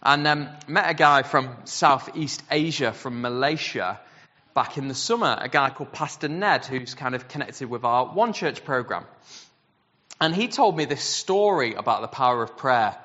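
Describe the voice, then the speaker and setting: A man preaching a sermon, telling a story in an animated way and acting out the voices he quotes. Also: mid-range voice, normal speed. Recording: dull sound with long hall reverb.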